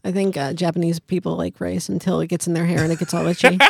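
A woman who is a comedian, guesting on a casual podcast in a basement studio, with a deadpan, dry delivery. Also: lowish voice, fast talker, creaky, breathy edge, dry recording. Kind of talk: casual chat.

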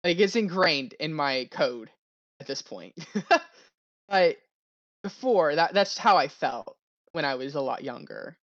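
A man's voice: on the high side, animated, slow, long pauses, a bit bright, no echo. A young man talking candidly as a podcast guest, rambling and laughing often. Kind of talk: casual podcast chat. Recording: dull lo-fi recording.

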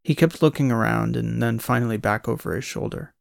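A man narrating a science fiction audiobook in a steady, scripted storytelling voice. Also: mid-range voice, a little fast, creaky, dry recording, clean studio sound.

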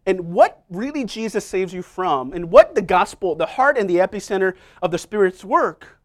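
A middle-aged man with a rather high voice delivers a sermon in a church. He tells personal stories in a loose, conversational, self-deprecating way. He often turns to the congregation with quick asides. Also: lively intonation. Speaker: preacher.

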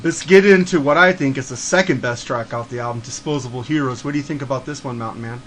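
A man hosting a casual music chat, swearing freely and gushing with excitement. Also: medium pitch, quick pace, slight background noise. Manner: swears a lot, excitable fan talk.

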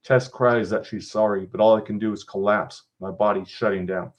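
A podcast host with a lowish male voice reads an interactive story aloud, breaking off for casual, foul-mouthed comments. His delivery stays easy and conversational. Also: fairly even intonation, normal speed. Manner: casual, profane asides.

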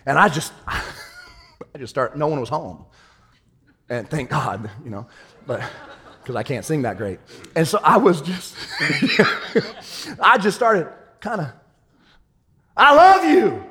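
A man preaching a sermon, swinging from loud triumphant shouts to hushed, laughing storytelling. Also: a little high, very animated, takes it slowly, pauses often, breathy edge, in a large hall. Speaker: pastor.

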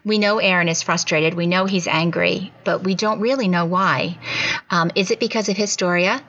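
Woman, podcast co-host, casual discussion, measured, frequent fillers, muffled sound. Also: on the low side, steady tone, fairly bright tone. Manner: thoughtful, measured, with many fillers.

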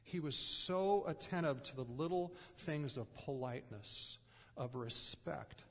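A man preaching a sermon in an earnest way, pausing often and letting his voice drop softly at the ends of phrases. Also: on the high side, animated, gravelly, long reverb tail. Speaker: pastor.

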